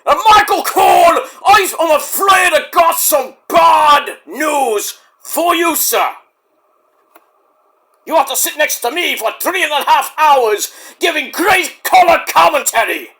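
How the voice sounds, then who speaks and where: A man doing an impression of a pompous male wrestling commentator, shouting his lines in a theatrical way. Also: very high-pitched, animated, slow pace, pitched above the performer's own voice, full character voice. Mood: bombastic.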